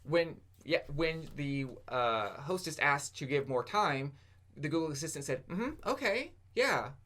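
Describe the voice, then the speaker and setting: A podcast co-host speaks in a fairly high, bright, forceful voice, pacing himself a little slowly. In a casual chat he drops wry, sarcastic jokes and asides.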